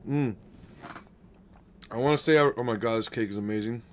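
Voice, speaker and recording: A man's voice: mid-range voice, normal speed, a little hiss or hum. A man streaming a card game live, chatting casually with his viewers and swearing freely as he plays. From United States. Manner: excitable, swears a lot, chats with viewers by name. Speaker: gaming streamer. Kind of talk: casual live-stream chat while playing.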